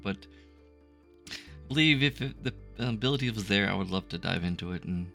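Deep-voiced man co-hosting a podcast. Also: fairly bright tone. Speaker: podcast co-host. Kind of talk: casual podcast chat.

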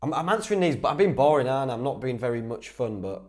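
A young man with a North Yorkshire accent hosts a solo podcast Q&A. He talks in a loose, laddish way at a middling pitch, laughs easily and often stops to restart a sentence. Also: sing-song, quick pace, darkish tone. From Whitby, North Yorkshire, England. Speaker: podcast host. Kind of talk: casual solo Q&A.

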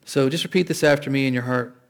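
Man, pastor, sermon, conversational, restarts, asks for amens, mid-pitched voice. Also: steady tone, fast, creaky. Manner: conversational preaching with frequent restarts and call-outs of "amen".

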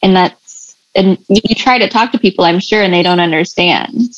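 A woman's voice: on the low side, moderate pace, dry recording, muffled recording. A woman interviewing a guest in a casual conversation, offering sympathetic, reflective follow-ups.

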